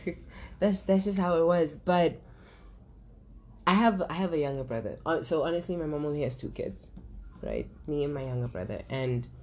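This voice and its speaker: A young woman with a notably low voice speaks in a casual, candid conversation. She talks openly and emotionally, swears freely, and often restarts her sentences mid-thought. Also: lively intonation, moderate pace, dark tone, a little hiss or hum, poor audio. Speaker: guest sharing her story.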